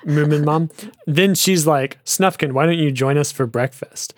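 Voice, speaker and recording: Very deep-voiced wry woman. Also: moderate pace, no echo, studio quality. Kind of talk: casual chat.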